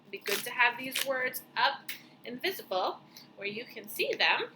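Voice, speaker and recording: A woman teaching a lesson to young children, speaking slowly and clearly as she encourages them to spell and clap out words. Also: fairly high pitch, very animated, noisy background.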